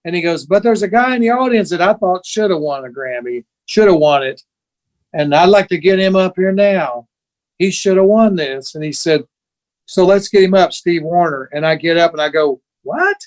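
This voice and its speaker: A man in his sixties, a guest musician telling an animated story in an interview and acting out the voices of the people he quotes. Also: high voice, moderate pace.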